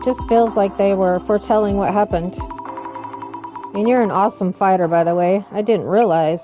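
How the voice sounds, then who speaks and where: A woman's voice: medium pitch, steady tone, moderate pace, lo-fi sound, music in the background. A woman reading a game's dialogue aloud, voicing every character in turn with dramatic reads. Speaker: let's play narrator reading all characters.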